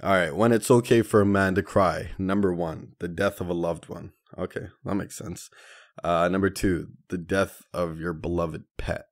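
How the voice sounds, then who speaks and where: A man's voice: sits low, fairly even intonation, moderate pace. A young man hosting a solo podcast, telling stories in a slangy, profane way and calling listeners dude and man. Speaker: podcast host. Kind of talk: casual solo podcast monologue.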